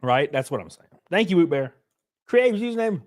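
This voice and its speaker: Blunt, lively male streamer. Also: on the high side, quick pace. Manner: blunt and profane, reads chat aloud. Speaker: streamer host. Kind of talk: casual live-stream reaction rant.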